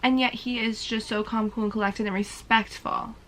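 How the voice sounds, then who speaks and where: A woman's voice: fairly high pitch, steady tone, moderate pace, slight background noise, poor audio. Emotional young woman chatting about a book. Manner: emotional running reactions full of "like". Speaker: book vlogger. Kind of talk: casual reading vlog chat. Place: room upstairs at home.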